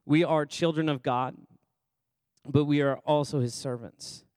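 A man's voice: fairly high pitch, steady tone, unhurried, a little mellow, smooth, no echo. A man preaching a sermon as pastor in a church service, chatty and conversational, quizzing the congregation by name and repeating phrases for emphasis.

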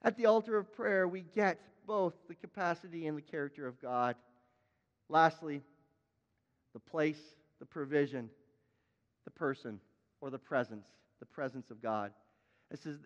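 A man preaching a sermon as a pastor, emphatic, repeating his words and now and then crying out loud. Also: a little high, normal speed, long reverb tail, highs cut off.

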